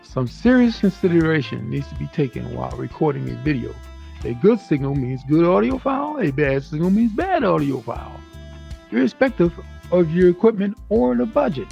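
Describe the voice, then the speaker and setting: A man's voice: on the high side, gravelly, a little mellow. A man casually teaching audio recording tips from inside a virtual reality space, talking loosely and using food comparisons. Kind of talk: casual tutorial talk.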